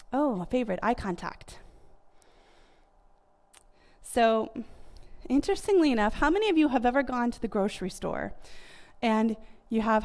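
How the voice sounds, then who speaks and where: A woman in her thirties with an American accent talks casually to an audience about family communication. Her voice sits a little high with a darkish tone, and she's chatty, leaning on fillers like "like" and "you know."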